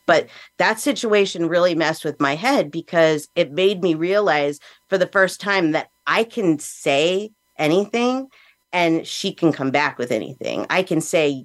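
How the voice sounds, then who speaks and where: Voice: mid-range voice, no room sound. A podcast host, an adult with children, giving a candid and reflective personal monologue in a plain-spoken, earnest way.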